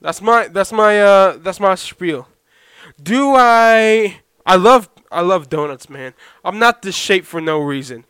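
Loud, high-voiced podcast host man. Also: lively intonation, takes it slowly, clean tone, no room sound, clean studio sound. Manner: loud, talks to listeners with repeated "okay?". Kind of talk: solo podcast monologue. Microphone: poorly set podcast microphone.

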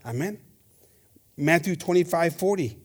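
A man preaching a sermon, switching between English and Spanish, calling out amen and hermanos, swinging from loud to soft. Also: a little high, lively intonation, measured pace. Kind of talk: bilingual sermon.

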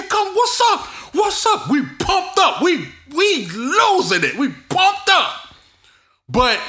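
A man hosting his own podcast, telling personal stories in an animated, expressive way and using casual street slang. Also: sits high. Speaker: podcast host. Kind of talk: casual solo podcast storytelling.

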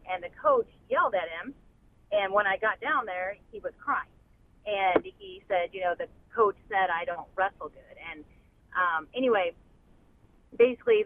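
A woman in her thirties calls in to a radio show, rambling and hesitant, full of ums and likes. Her voice comes through a narrow telephone line with a faint hiss behind it. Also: mid-range voice. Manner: rambling, hesitant, many fillers. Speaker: caller, mother. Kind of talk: phone-in conversation. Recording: phone line with faint noise.

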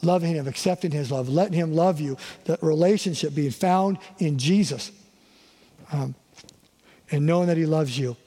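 A man's voice: fairly high pitch, moderate pace, warm tone, husky, in a large hall. A middle-aged male pastor giving a conversational sermon, often checking in with the congregation. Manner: conversational, asks the crowd "right?" often. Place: church sanctuary.

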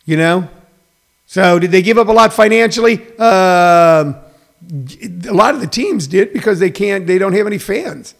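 Man, host, high voice, gravelly edge, animated, rambling with fillers, casual opinion talk. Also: a little slow.

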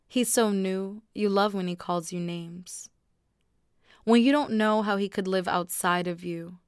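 A woman with a fairly low, smooth and resonant voice reads her own poetry. Between poems she talks in a loose, conversational way before settling back into rhythmic recitation. The recording is close and dry, with no room sound. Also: no room sound. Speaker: poet. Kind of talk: poetry reading with spoken commentary.

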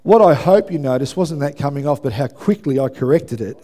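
A man preaching a sermon in a church, telling lively stories and acting out quotes with self-mocking asides. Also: a little high, brisk. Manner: animated storytelling, acts out shouted quotes, self-deprecating asides. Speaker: pastor. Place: church hall with congregation.

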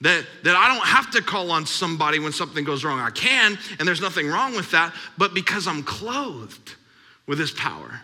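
A man's voice: fairly high pitch, sing-song, normal speed, sharp tone. A man in his thirties preaching a sermon as pastor, emphatic and repetitive. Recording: long hall reverb.

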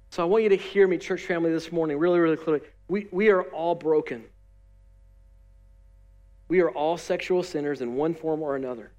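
A man with a high, bright voice preaching a Sunday sermon to his congregation. He talks in an animated way and slips into the voices of the people in the story. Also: brisk. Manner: animated, acts out quoted voices. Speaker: pastor. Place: church room with live audience.

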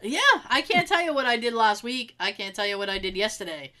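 Podcast co-host, woman, Boston accent, high-ish, laughs easily, chatty. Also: a little fast. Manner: giggly, animated, laughs often. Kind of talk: casual chat.

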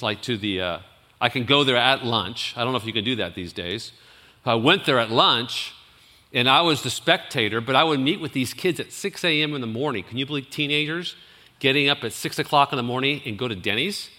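A man who is a youth pastor, telling a story in a sermon, animated and rambling, with restarts and laughs. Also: mid-range voice, big-room sound.

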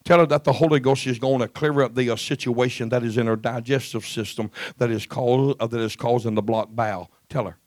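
A man's voice: medium pitch, steady tone, brisk, hardly any pauses, darkish tone, no echo. A man preaching a Pentecostal sermon, fervent and emphatic, repeating his phrases.

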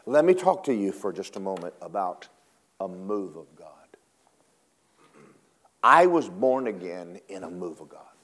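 A man preaching a sermon in a church, dramatic, swinging from shouts down to hushed whispers. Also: deep voice, sing-song, unhurried, pauses often. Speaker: pastor.

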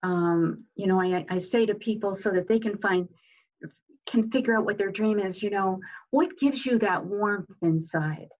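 A woman guest giving an earnest, inspirational talk, often pausing with fillers and restarting her sentences. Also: mid-range voice, darkish tone. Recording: dull lo-fi sound.

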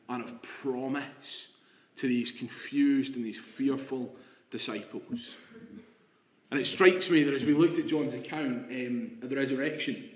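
A male preacher delivers a sermon in an echoey hall-like room. He drops to hushed, drawn-out quotations, then builds into louder, emphatic stretches. His pitch sits at a middle level for a man. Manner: shifts between hushed, slow quotes and rising emphatic passages.

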